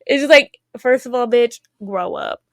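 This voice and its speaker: A woman's voice: fairly high pitch, animated, normal speed, vocal fry, no room sound, studio quality. Heated, foul-mouthed young woman ranting. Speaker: podcast co-host. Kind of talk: casual chat.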